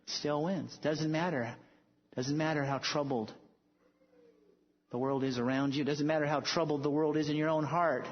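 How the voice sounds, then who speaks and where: A male preacher with a fairly high voice and fairly even intonation gives a sermon at a moderate pace. He tells stories emphatically and builds to bold declarations, recorded in an echoey hall with dull lo-fi sound.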